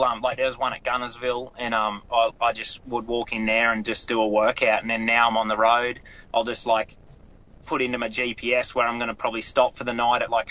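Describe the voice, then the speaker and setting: A man's voice: medium pitch, fairly bright tone. A young Australian man, a pro angler and guest, talking earnestly in a rambling way with many restarts. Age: young adult. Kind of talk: casual interview talk. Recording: slightly dull audio.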